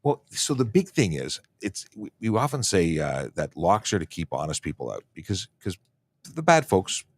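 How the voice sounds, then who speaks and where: A man co-hosting a casual livestream, chatting in a halting way and often repeating words as he starts sentences. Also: low voice, sing-song, slightly rough.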